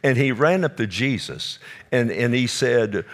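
A man's voice: fairly low pitch, moderate pace. A man preaching a Bible-teaching sermon, emphatic and direct with his listeners, repeating words for effect.

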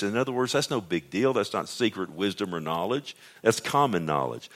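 A male preacher with a lowish voice, delivering a conversational sermon. He walks the congregation through scripture and turns the text into vivid everyday speech. He often pauses to ask the room to agree with him. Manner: conversational Bible teaching, asks the congregation for agreement; acts out the text in a lively voice.

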